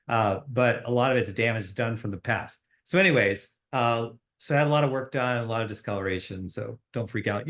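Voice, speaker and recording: A man's voice: lowish voice, fairly bright tone. A middle-aged man hosting a podcast, talking casually about mentorship with frequent fillers and restarts. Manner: conversational, many fillers and restarts. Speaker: host.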